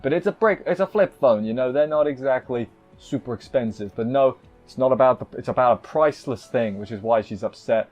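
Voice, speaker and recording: A man's voice: mid-range voice, moderate pace, few pauses, darkish tone, highs cut off, soft background music. A man casually recapping an anime episode, rambling and cutting himself off with playful asides. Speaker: anime reviewer.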